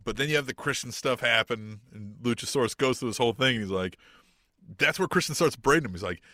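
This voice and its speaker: A man's voice: medium pitch, quick pace, sharp tone, dry recording, clean studio sound. A man co-hosting a casual wrestling podcast, laughing often and swearing as he chats. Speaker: podcast co-host.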